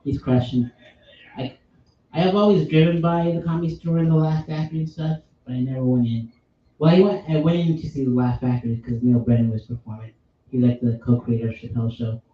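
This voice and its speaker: A man hosts a casual pub podcast, rambling enthusiastically about movies and laughing readily. His voice is medium-pitched with fairly even intonation, and he talks a little fast. The recording sounds dull, with a distant mic and an echoey room.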